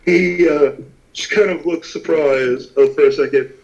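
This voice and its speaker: A man running a tabletop game as game master, casual and quick to laugh. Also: fairly high pitch, creaky, a little mellow, muffled recording.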